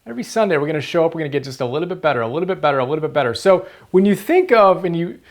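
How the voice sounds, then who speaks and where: A man's voice: on the high side, expressive, racing. A man hosting a motivational book-summary video, earnest and emphatic, repeating key phrases for stress.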